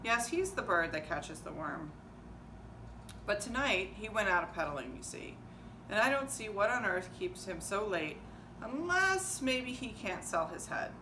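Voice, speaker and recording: A woman's voice: mid-range voice, very animated, measured pace, far from the mic. A woman voicing a wry, teasing old male innkeeper in a drawling, folksy way, heard in a roomy hall with background noise.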